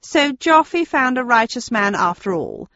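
A woman's voice: a little high, sing-song, moderate pace, sharp tone, no echo, dull audio, pitched above the performer's own voice, full character voice. A woman reading an audiobook, voicing a smug, gleeful villainous man who talks in a sneering, mocking way.

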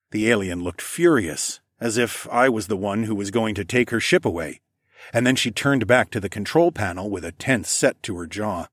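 A man reading a first-person story as an audiobook, relaxed storytelling with casual asides. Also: lowish voice, moderate pace, slightly rough, dry recording, studio quality. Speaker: audiobook narrator.

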